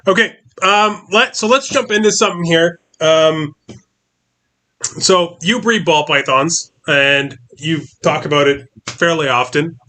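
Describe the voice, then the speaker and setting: A man hosting a relaxed interview, with a fairly high, very bright voice. He talks loosely, padding his sentences with ums and likes. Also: a little slow. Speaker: host. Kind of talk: casual interview.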